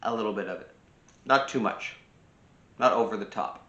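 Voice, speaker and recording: Low-voiced man giving self-help advice. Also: normal speed, pushed and bright. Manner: repeats key phrases for emphasis. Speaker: personal growth channel host. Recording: roomy, slightly dull sound.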